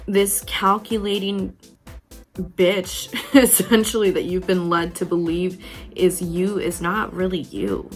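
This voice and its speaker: Slow, low-voiced woman tarot reader. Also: steady tone, soft background music. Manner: frank, profane, intimate address to the viewer. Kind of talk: tarot reading video.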